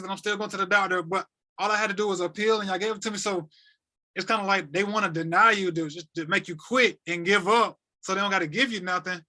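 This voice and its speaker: Bright, high-voiced young man telling a story. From North Carolina. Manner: animated, repetitive, slangy retelling. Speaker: guest. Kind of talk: casual storytelling.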